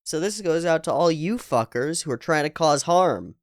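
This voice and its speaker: Man reading and reacting casually. Lively, swinging pitch, dry close sound, emphatic and profane. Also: moderate pace, no room sound. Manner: emphatic, swears freely, repeats points for stress. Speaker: manga reader and reactor.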